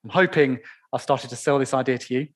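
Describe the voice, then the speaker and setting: A man preaching a sermon in church, stressing key phrases slowly and asking the congregation rhetorical questions. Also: mid-range voice.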